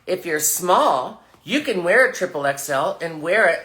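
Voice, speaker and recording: Sassy drag performer, bright lively voice. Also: male voice, sits high, moderate pace. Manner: sassy, crude deadpan jokes. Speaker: drag performer selling merch on a livestream. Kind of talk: campy livestream sales pitch. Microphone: phone livestream.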